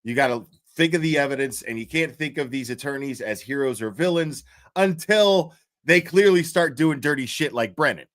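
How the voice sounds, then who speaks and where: Medium in pitch and normal in speed, the man's voice is a bit bright with no room sound. He's hosting a livestream, casually telling a loose, rambling, profane story punctuated by restarts and laughter.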